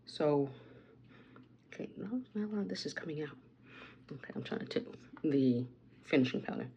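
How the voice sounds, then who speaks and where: A woman's voice: sits low, animated, brisk, vocal fry, highs cut off, background noise. A woman vlogging at home, chatting through a rambling story with asides about her makeup. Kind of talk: casual get-ready-with-me storytime.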